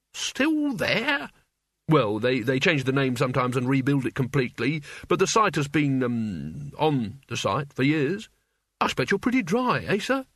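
A man's voice: on the high side, fairly bright tone, no echo, studio quality, exaggerated voice. A man voicing a nervous, cringing male wizard who stammers and fawns with endless apologies, in a storybook reading. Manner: fawning, stammering, over-apologetic.

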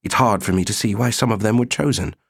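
A man's voice: on the low side, fast, vocal fry, breathy edge, pitched above the performer's own voice. A man voicing a skinny, pedantic male colony psychologist with a clinical, lecturing manner.

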